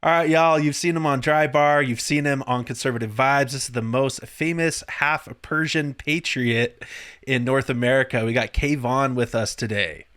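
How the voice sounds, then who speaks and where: Friendly channel host on a video call. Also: male voice, medium pitch, fairly even intonation, normal speed, a bit bright, smooth. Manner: friendly, laughs easily. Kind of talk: casual interview chat.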